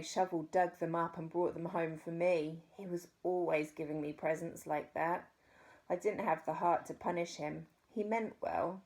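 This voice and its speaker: New Zealand woman, low-pitched reader, expressive children's storyteller. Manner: expressive, dramatic pauses. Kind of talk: reading a children's book aloud.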